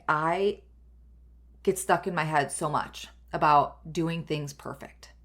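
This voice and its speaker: A woman's voice: fairly low pitch, fairly bright tone. A young adult woman hosting a solo podcast, talking earnestly in a rambling way with many fillers and restarts. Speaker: podcast host.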